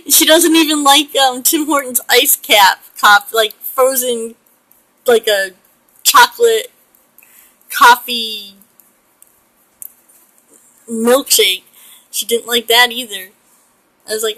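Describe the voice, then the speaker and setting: A woman's voice: a little high, fairly even intonation, takes it slowly, long pauses, pushed and bright, rough recording. A middle-aged woman from the United States chatting in a rambling way while she paints a pet portrait, often laughing. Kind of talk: casual chat while painting.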